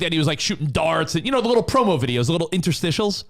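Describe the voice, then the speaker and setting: A man co-hosting a podcast, telling stories in casual, animated banter. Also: on the high side, racing, vocal fry. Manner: animated storyteller. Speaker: co-host.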